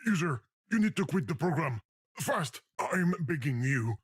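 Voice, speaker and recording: A man's voice: on the high side, expressive, measured pace, noisy background. An actor playing an exasperated male game voice who pleads and protests indignantly. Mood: anxious. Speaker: game character. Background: game music.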